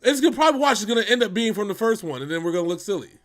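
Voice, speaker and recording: A man's voice: high voice, very fast. A man co-hosting a reaction show, bantering casually and joking over a video call. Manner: animated, joking, big swings in loudness.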